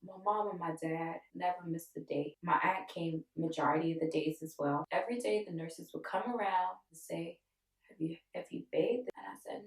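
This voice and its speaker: A woman in her twenties tells a personal story in an emotional, animated way, acting out the voices of others. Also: lowish voice, moderate pace. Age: 20s. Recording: echoey room, voice from a distance.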